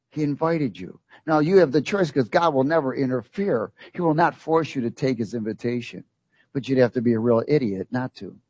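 Male preacher, fairly high husky voice, dry close sound; emphatic sermon delivery with repeated lines and call-outs to the congregation. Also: no echo. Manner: emphatic, rhetorical questions to the congregation.

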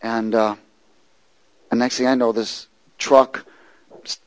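A man preaching and telling his testimony, moving from loud preaching to hushed storytelling. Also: mid-range voice, little pitch movement, takes it slowly, no echo, poor audio.

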